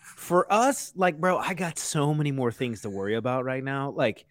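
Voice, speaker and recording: Loose, profane chef telling kitchen stories. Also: male voice, mid-range voice, normal speed, no room sound. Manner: loose, profane, full of "like" and "you know". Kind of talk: casual storytelling chat.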